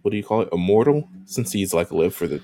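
A man's voice: low-pitched, expressive, fast, mellow, dry recording. A man co-hosting a podcast, recapping an anime season in casual chat, rambling with lots of ums and casual swearing. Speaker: podcast co-host.

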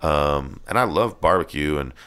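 A man with an extremely low, rumbling voice talks casually. He rambles with many ums and restarts and swears freely as he chats. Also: expressive, moderate pace, pushed and bright, clean tone. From Tennessee. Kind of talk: casual chat.

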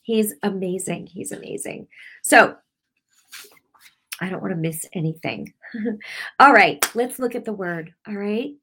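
A woman's voice: medium pitch, a little slow, pauses often, a bit bright, breathy edge. A middle-aged woman gives a heartfelt sermon on her broadcast, weaving in personal testimony. She talks in an emotional, rambling way, restarting her sentences often. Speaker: preacher hosting a weekly broadcast.

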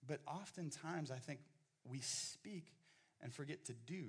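A middle-aged male pastor preaching a sermon, often repeating and restarting his words as he builds up, at times nearly shouting. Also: on the high side, a little slow, husky. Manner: animated, repeats words, rising to near-shouting.

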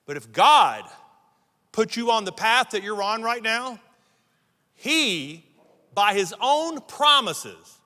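Bright, high-voiced preacher in a hall. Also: male voice. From United States. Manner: emphatic preaching, building lists and repeated phrases. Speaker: pastor. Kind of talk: sermon. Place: church sanctuary. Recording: long reverb of a large hall.

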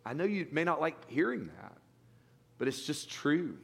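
A man's voice: fairly high pitch, sing-song, normal speed, vocal fry, fairly bright tone, husky. Conversational male pastor in a reverberant hall. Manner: conversational preaching with frequent restarts and fillers. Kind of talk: sermon. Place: church sanctuary.

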